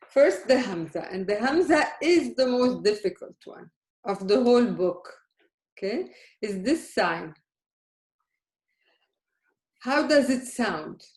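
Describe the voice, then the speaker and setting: A woman teaching a beginners' language class, speaking slowly and carefully. She keeps checking in with her students, and the room around her rings with echo. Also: on the high side, lively intonation, a little mellow. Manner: patient, questioning, checks understanding often. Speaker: Arabic teacher. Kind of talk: live beginner language lesson. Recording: echoey room.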